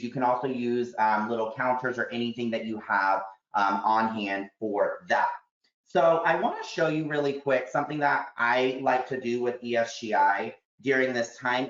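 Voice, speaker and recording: A man's voice: medium pitch, fairly bright tone. A man leading a teacher training webinar, explaining classroom routines step by step with examples over a video call. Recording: echoey room, slightly dull audio.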